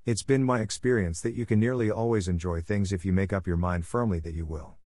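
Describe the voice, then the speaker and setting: A man's voice: low-pitched, fairly quick, darkish tone, lightly acted. A man reading the part of an eager, dreamy eleven-year-old orphan girl in an audiobook, in a gushing way.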